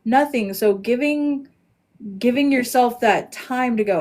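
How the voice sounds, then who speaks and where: A woman hosting a casual podcast chat, earnest and reflective, often trailing off softly. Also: on the high side, a little slow. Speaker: podcast host.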